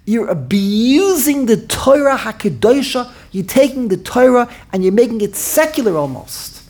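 A man teaching a Torah class in an animated way, often repeating himself and restarting his sentences. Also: extremely high pitch, moderate pace. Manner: animated, repetitive, stumbles and restarts mid-sentence.

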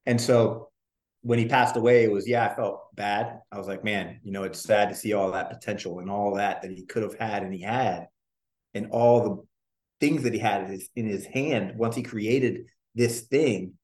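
A man's voice: lowish voice, fairly even intonation, normal speed, darkish tone. A man in an interview telling casual stories about his music career, rambling with restarts and the odd swear. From Orlando. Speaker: guest, former boy band member.

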